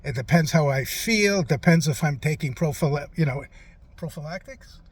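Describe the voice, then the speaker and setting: A man's voice: on the high side, husky. A man doing a doddering old president who stumbles through answers, loses his thread and fills the gaps with "uh" in a slightly raised voice. A comic interview impression. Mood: rambling. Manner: halting, trailing off, full of "uh". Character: rambling forgetful elderly male president.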